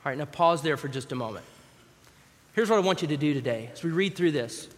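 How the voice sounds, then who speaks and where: A man's voice: on the high side, animated, fast. A man preaching a sermon in a conversational way, acting out scenes from scripture as he reads. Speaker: pastor. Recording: long hall reverb.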